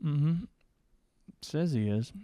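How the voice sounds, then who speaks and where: A man's voice: a little high, lively intonation, drawn-out words, mellow, no echo. A man co-hosting a casual comedy podcast, easygoing and joking wryly. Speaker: podcast co-host. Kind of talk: casual chat.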